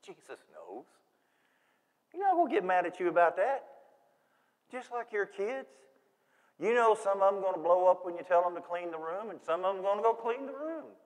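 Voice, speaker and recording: A man preaching a sermon in a church, folksy and animated, acting out quoted voices. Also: high-pitched, moderate pace, pauses often. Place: church sanctuary. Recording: long reverb of a church hall.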